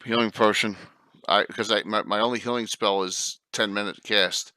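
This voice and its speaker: A man's voice: fairly low pitch, steady tone, moderate pace, sharp tone, no echo. A man playing a tabletop game, thinking aloud hesitantly about his turn. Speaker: player. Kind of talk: casual game chat.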